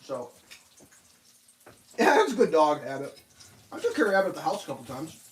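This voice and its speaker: A man casually telling rambling dog stories while cooking breakfast on a stream, animated and laughing at his own tales. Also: a little high, brisk, slight background noise.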